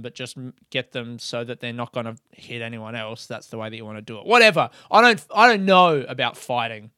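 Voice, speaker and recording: A man's voice: mid-range voice, fairly bright tone, smooth, no echo. A man hosting his own podcast in a casual solo monologue, talking in a candid, reflective and slightly self-mocking way into a close microphone. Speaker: comedian and podcast host.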